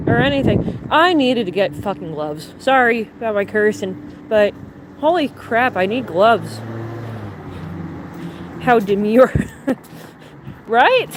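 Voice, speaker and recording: High-voiced woman vlogging on a windy street. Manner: chatty, rambling, self-interrupting. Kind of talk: casual walking vlog. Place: outdoors in a small town on a cold evening. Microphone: handheld phone camera. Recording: loud street noise and wind.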